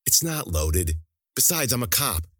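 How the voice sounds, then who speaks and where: A hard-edged, foul-mouthed woman detective, voiced by a male reader, sarcastic and defiant. The voice is only lifted a little above his low register and stays dry and close. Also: very animated, measured pace, a bit bright, slightly rough, no room sound, heavily acted. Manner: blunt, sarcastic, profane.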